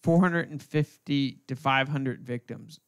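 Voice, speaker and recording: A man's voice: medium pitch, unhurried. A man hosting a podcast, chatting in loose, joking, profane banter. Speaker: podcast host. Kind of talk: casual podcast chat.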